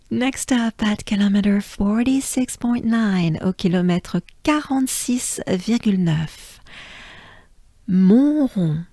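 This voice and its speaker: A native French woman with a French accent, coaching listeners through pronunciation, drilling sounds slowly with exaggerated vowels and soft asides. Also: medium pitch, lively intonation, vocal fry, dry recording, studio quality. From France. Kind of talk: pronunciation lesson. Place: outdoors.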